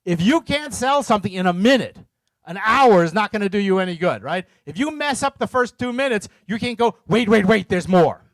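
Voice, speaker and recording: A man's voice: high voice, expressive, brisk, a bit bright, no room sound. A middle-aged man co-presenting a seminar, giving blunt, joking advice and acting out little scenes in put-on voices.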